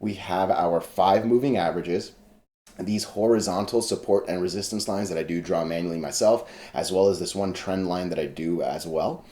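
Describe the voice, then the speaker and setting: Low, mellow-voiced man talking stock charts. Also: normal speed. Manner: frank, emphatic, peppered with "all right?" and "right?". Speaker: stock chart analysis host. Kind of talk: casual talk to camera.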